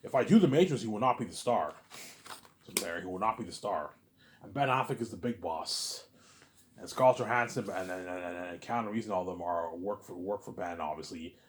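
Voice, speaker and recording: A man hosting his own listening series, talking in a rambling, excited way, stumbling over repeated words and often asking "you know what I'm saying". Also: low-pitched, brisk, slight background noise. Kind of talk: rambling casual monologue.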